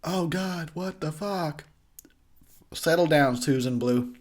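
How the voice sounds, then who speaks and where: A man's voice: fairly high pitch, slow pace. A drunk man giving a rowdy, profane movie commentary, laughing a lot.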